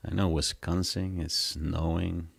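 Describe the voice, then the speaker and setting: A man hosting a live spiritual webcast, talking in a gentle, unhurried way and greeting viewers by name. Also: low voice, flat delivery, vocal fry, breathy edge, no echo. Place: indoor room at home with a heater.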